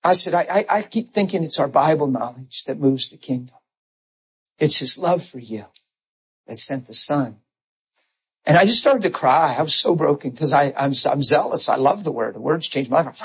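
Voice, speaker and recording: A husky, slightly high-voiced middle-aged man preaching a heartfelt sermon. He tells personal stories with emotion and slips into animated voices for the people he quotes. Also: normal speed, rough recording.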